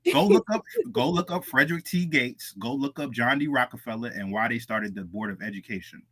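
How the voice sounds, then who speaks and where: A man's voice: medium pitch, expressive, a little fast, pushed and bright, breathy edge, no room sound. A man co-hosting a casual livestream chat, who speaks emphatically and repeats his points. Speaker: podcast co-host.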